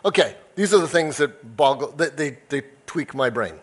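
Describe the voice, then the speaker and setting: A male pastor delivers a conversational sermon, calling himself a nerd and acting out quoted voices as he tells the story. His voice is a little high, expressive and husky, at a normal speed.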